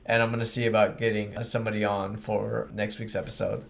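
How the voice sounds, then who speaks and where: A man co-hosting a podcast in casual chat, profane and quick to laugh. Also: lowish voice, flat delivery, vocal fry, slight background noise. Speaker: podcast co-host.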